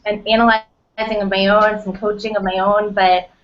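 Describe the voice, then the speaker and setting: A woman's voice: medium pitch, little pitch movement, moderate pace. A woman co-hosting a podcast in easygoing casual chat, laughing often, on muffled lo-fi audio. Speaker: podcast co-host.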